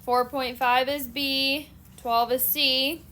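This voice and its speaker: A woman math teacher explains each step of a problem in a steady, methodical classroom lecture. Her voice sits a little high, with a faint hiss in the background. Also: takes it slowly.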